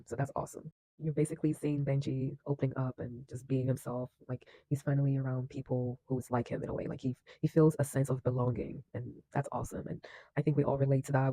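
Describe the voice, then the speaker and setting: A man's voice: medium pitch, warm tone, dry recording, poor audio. A man giving casual film reaction commentary, effusive and slangy, laughing often and restarting his sentences. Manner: enthusiastic, laughs often, many fillers and restarts.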